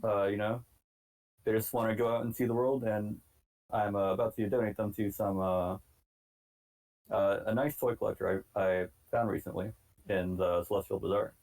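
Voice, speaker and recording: Hesitant low-voiced male player. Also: steady tone, normal speed, darkish tone, poor audio. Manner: hesitant, many fillers. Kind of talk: playing a character in a tabletop game.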